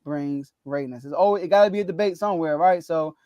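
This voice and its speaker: A man's voice: a little high, fast, dark tone, no echo, lo-fi sound. A man hosting a casual sports talk podcast, laughing often and ranting with animation. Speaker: podcast host.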